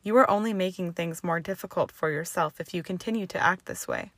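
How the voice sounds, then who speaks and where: A woman voicing a strict, scolding older headmistress in a storybook reading, low and hushed. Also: fairly quick, no room sound. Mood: stern. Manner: clipped, firm, scolding. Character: stern older Scottish-styled headmistress, strict.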